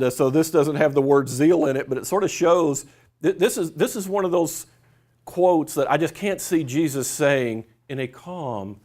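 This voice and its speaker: A middle-aged man gives a conference workshop lecture in a somewhat high voice for a man. He talks conversationally, stumbling through fillers and restarts, and now and then reads quotations aloud. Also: a little mellow. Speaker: professor giving a workshop talk.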